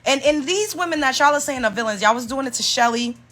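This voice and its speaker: A woman's voice: high-pitched, fast talker. A woman from New York with a Brooklyn accent, ranting heatedly and profanely about reality TV. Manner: profane, fiery, animated. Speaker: commentator. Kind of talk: heated rant reacting to reality TV clips.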